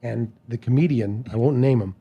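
Canadian man, mid-pitched guest, lively storyteller, stumbles and restarts, plays characters in his stories. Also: moderate pace, breathy edge, dull audio. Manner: lively storyteller, many restarts, slips into impressions. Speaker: podcast guest. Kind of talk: casual anecdote chat.

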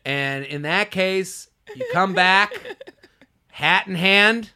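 Bright clear-voiced male podcast host. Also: slow pace. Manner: animated storytelling, drops low and quiet for asides. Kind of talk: casual comedic chat.

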